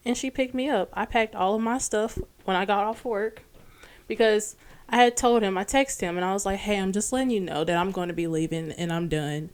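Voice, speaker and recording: A woman's voice: lowish voice, clear, resonant tone. A young woman guest on a podcast, casually telling a long personal story and acting out the dialogue. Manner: animated storyteller, acts out quoted dialogue.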